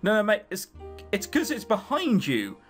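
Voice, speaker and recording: A man's voice: sits high, wildly swooping pitch, moderate pace, faint music behind. An English man giving sarcastic, swear-laden commentary while playing a visual novel. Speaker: gaming YouTuber.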